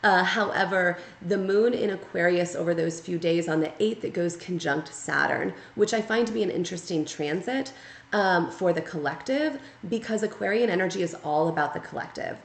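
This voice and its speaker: A woman's voice: lowish voice, moderate pace, creaky. A woman giving a casual spoken tarot reading, talking conversationally and checking in often with "right?" and "okay?". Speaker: tarot reader. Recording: echoey room.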